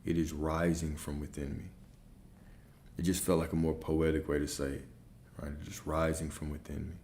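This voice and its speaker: A man's voice: rumbling low, flat delivery, normal speed, a little mellow, slight background noise. A man giving a motivational talk as a spiritual coach, emphatic and repeating affirmations with growing force.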